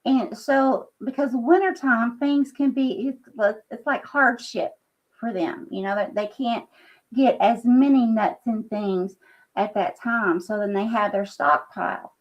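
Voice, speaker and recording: A woman giving an earnest, halting psychic reading on a live stream, full of fillers and check-ins. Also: on the high side, steady tone, muffled recording. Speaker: psychic reader using scrying.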